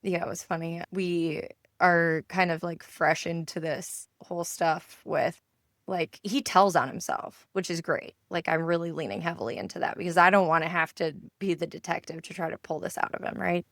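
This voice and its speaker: A woman co-hosting a podcast in casual chat, her voice hoarse, telling stories and acting out the dialogue. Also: fairly low pitch, fairly even intonation, moderate pace, a bit bright, dry recording, studio quality. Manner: storytelling, acts out quoted dialogue. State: hoarse from yelling. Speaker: podcast co-host and enneagram coach.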